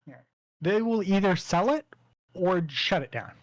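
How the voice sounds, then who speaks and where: A man's voice: high-pitched, lively intonation, measured pace, no echo. A Canadian man chatting casually about streaming platforms, laughing often and stammering on repeated words. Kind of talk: casual chat.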